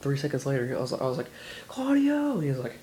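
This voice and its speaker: An eighteen-year-old man vlogging casually, rambling excitedly and filling his talk with "like" and "you know.". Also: medium pitch, racing, a little hiss or hum, low-quality recording.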